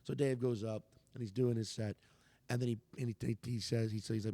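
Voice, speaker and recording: A male comedian, a guest on a podcast, telling a rambling, profane, animated anecdote in casual chat. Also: mid-range voice, brisk, dry recording, big-room sound.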